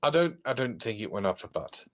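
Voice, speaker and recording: A man hosting a casual podcast, reading funny online stories aloud and joking about them with animated asides. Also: medium pitch, fairly quick. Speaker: podcast host.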